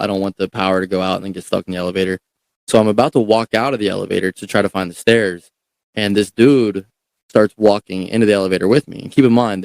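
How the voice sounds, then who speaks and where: A young man, a podcast guest, telling a story in a casual, animated way, swearing and repeating words as he goes. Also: fairly low pitch, clear, resonant tone, no echo.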